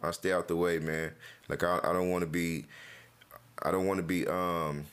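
Low-voiced man telling stories casually. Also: moderate pace. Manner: animated storyteller, acts out quotes, slangy and profane. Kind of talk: casual chat.

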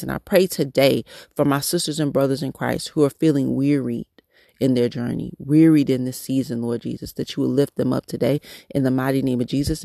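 A man hosting a devotional podcast, praying and encouraging listeners in a halting, repetitive way. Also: medium pitch, gravelly, mellow, no room sound, studio quality. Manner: halting, repetitive prayer phrasing. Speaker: podcast host leading prayer.

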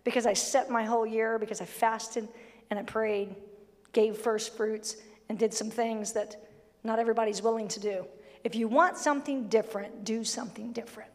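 A woman with a high voice preaches to her congregation in a blunt, emphatic way with flashes of humor. Her words ring out with a long reverb from the church hall around her. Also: fairly even intonation, moderate pace, a little mellow. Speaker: pastor. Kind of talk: sermon. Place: church sanctuary.

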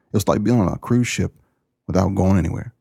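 Man, podcast host and pastor, folksy casual chat, very deep, gravelly, husky. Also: fairly quick, dark tone, dry recording, clean studio sound. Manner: folksy, jokey, big pitch jumps.

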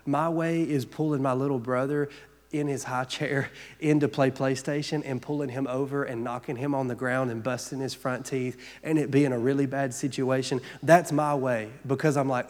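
A man's voice: medium pitch, steady tone, moderate pace, darkish tone, in a large hall. A man preaching a sermon as pastor, earnest and conversational, building points with repeated phrases.

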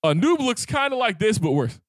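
Man, podcast co-host, casual crude storytelling, fairly high lively voice. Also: a little fast, no room sound, clean studio sound. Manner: animated storyteller, crude jokes. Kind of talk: casual chat.

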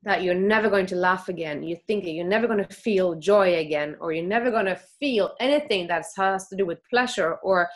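Woman guest with a slightly low voice, open and reassuring, pauses to find her words. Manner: halting, searching for words, then earnest and reassuring. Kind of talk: candid conversation about grief.

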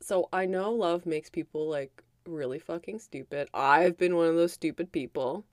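Animated, profane woman recapping a movie. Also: lowish voice, moderate pace, no echo, studio quality. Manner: animated, profane storytelling with acted-out quotes. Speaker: podcast co-host. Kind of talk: casual movie recap chat.

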